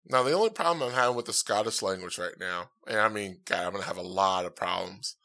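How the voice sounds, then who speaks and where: A man's voice: sits low, fast, pushed and bright. A man hosting his own podcast in casual, rambling chat, upbeat and full of fillers, speaking into a dynamic podcast mic. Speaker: podcast host.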